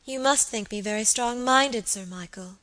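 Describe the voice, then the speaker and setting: A woman's voice: medium pitch, normal speed, close to an everyday voice. Woman reading as a sweet, scheming young lady. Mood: coaxing. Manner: soft, coaxing, at times whispered. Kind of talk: audiobook character reading.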